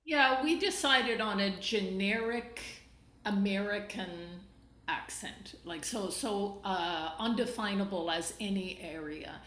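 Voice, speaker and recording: A woman's voice: mid-range voice, slow pace, fairly bright tone, a little hiss or hum. A woman with a Canadian accent, a stage director thoughtfully explaining her work at length in an interview. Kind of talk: interview answers. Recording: echoey room.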